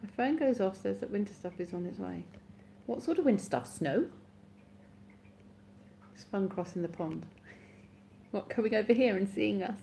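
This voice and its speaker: A woman's voice: medium pitch, animated, moderate pace, gravelly, long pauses, mellow, slight background noise. A woman hosting a live stream, chatting casually with her viewers, sleepy and yawning, giggly and self-mocking.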